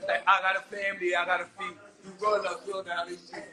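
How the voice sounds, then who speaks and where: Young-sounding man with a very high voice, loose and rowdy, casual livestream talk. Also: completely flat delivery, fast, bright, forceful tone. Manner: rowdy, laughing, swearing banter.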